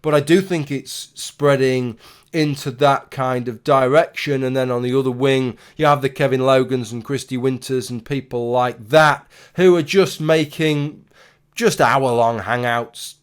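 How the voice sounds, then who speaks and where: A man's voice: medium pitch, fairly even intonation, measured pace, clean tone. A man in his thirties talking casually to camera in a rambling, opinionated way, with restarts and the odd swear word. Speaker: YouTuber. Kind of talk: casual talking-head commentary.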